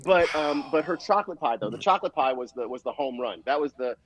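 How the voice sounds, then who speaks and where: A man, a drummer guest on a casual livestream interview, telling stories in an animated way and acting out other people's voices. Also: medium pitch, quick pace, a little hiss or hum. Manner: animated storyteller, acts out voices.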